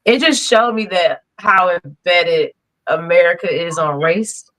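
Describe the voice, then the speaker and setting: A young woman, a podcast guest, telling animated stories in casual chat and laughing as she goes. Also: on the low side, a little slow, low-quality recording. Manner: animated storyteller, laughs through her stories.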